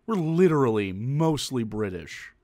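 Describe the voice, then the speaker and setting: A man's voice: mid-range voice, darkish tone. A man commenting casually on a stream, rambling with lots of fillers, swearing and getting worked up.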